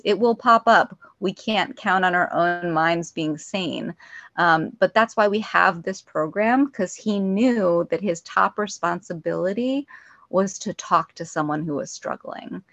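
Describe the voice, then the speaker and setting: Low-voiced woman on a dull call line. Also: no room sound. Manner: soft-spoken, reflective, many fillers. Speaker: meeting member sharing. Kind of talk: casual personal share. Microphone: phone or weak call connection. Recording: dull, dry call audio.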